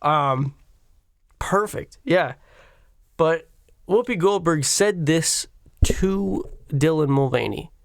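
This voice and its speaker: A man hosting a solo podcast, ranting crudely and sarcastically, swinging from loud outbursts to quiet stretches. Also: fairly high pitch, lively intonation, slow pace, long pauses, no room sound, studio quality. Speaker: podcast host.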